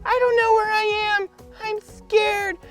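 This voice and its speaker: A man's voice: flat delivery, slow pace, fairly bright tone, distant mic, soft background music, full character voice. A man doing a frightened little lost lamb. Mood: scared. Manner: high, trembling, worried pleading.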